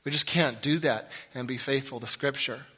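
A male pastor delivering a sermon, swinging between loud, emphatic passages and quiet, reflective ones. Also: mid-range voice, moderate pace, husky, big-room sound.

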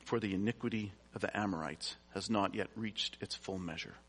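A man's voice: lowish voice, a little fast, a bit bright, breathy edge. A man preaching a sermon, reading scripture aloud and explaining it in a conversational way with casual asides. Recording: long reverb from a large hall.

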